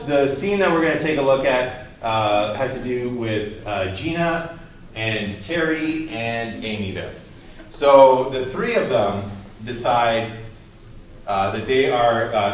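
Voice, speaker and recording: A man's voice: mid-range voice, a little slow. Man lecturing in an echoey classroom. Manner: casual, many fillers, recounts scenes with quoted lines. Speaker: university psychology lecturer. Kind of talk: recorded college lecture. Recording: roomy echo, voice from a distance, faint noise.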